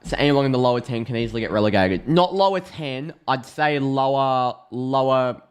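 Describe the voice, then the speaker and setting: An Australian man giving a chatty, excitable live reaction to a football match, thinking aloud and restarting his sentences. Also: mid-range voice, fairly quick, clear, resonant tone. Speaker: football streamer.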